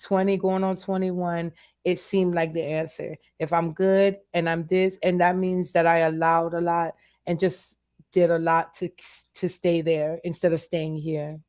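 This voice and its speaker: A woman's voice: fairly low pitch, little pitch movement, measured pace, darkish tone. A woman guest in a candid interview, talking earnestly and emotionally and repeating phrases for emphasis.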